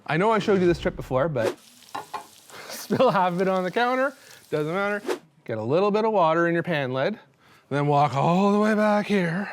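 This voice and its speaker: A man hosting a cooking show, chatting in a rambling, self-mocking, nervous-joking way. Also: high-pitched. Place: studio kitchen.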